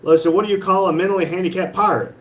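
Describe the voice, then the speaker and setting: A man's voice: sits high, steady tone, rapid-fire, fairly bright tone. A man hosting a live stream from a shop, reading viewers' comments aloud and joking back at them. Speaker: livestream host reading chat. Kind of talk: casual live chat.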